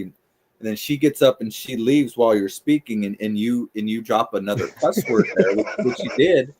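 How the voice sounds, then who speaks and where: Blunt, fast-talking man. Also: medium pitch, darkish tone, a little hiss or hum. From United States. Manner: blunt, swears often, fast and emphatic. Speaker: co-host. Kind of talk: casual podcast chat.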